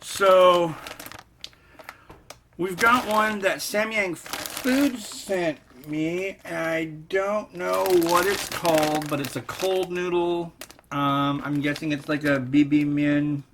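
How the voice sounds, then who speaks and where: A middle-aged man with a voice on the high side talks slowly while cooking in his home kitchen for a casual vlog. He rambles in a wry, easygoing way, and the kitchen is noisy with clicks and crinkling.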